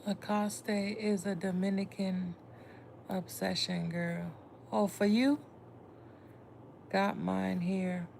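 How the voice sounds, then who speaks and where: A woman's voice: medium pitch, steady tone, takes it slowly, gravelly, pauses often, darkish tone, a little hiss or hum. A woman tarot reader chatting casually with viewers on a livestream, blunt and swearing freely. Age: adult with a son.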